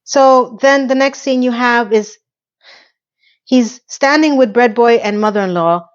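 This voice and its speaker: A woman's voice: on the high side, measured pace, lo-fi sound. Exasperated woman ranting in a TV recap. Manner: exasperated, incredulous ranting with rhetorical questions. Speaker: TV recap reviewer.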